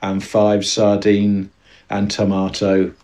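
A man's voice: on the low side, completely flat delivery, slow pace, mellow, recorded from a distance. Male comedy podcaster, loose and jokey, mutters through his thinking. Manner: playful, sweary, jokey asides. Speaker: podcast co-host. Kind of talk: casual comedy chat.

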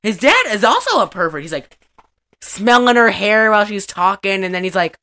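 A woman's voice: mid-range voice, sing-song, moderate pace, sharp tone. Rambling young woman recapping a movie. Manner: rambling, many "like" fillers, acts out lines from the film. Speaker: podcast co-host. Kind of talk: casual movie recap chat.

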